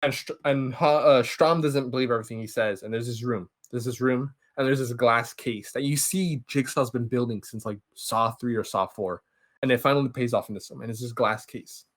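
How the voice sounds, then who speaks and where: A young man hosting a podcast, casually recapping a film series and jumping into quick impressions of the characters. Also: medium pitch. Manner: animated, acts out characters' lines in quick impressions. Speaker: podcast host.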